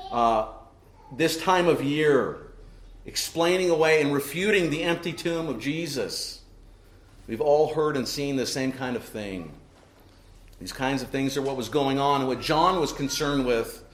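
A man's voice: mid-range voice, echoey room, slight background noise. A man delivering a sermon as pastor, earnest and preaching, often tossing in rhetorical "right?" asides to the congregation.

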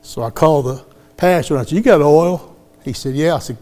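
A man's voice: fairly high pitch, a little fast, a little mellow. A middle-aged man, preaching a sermon as he tells a story in a folksy way and acts out the voices of the people in it. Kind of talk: sermon testimony.

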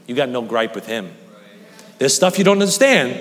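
Animated preacher in a reverberant church. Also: male voice, normal speed, long pauses. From Staten Island. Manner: earnest and animated, voice rising high for emphasis. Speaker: pastor. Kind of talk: sermon.

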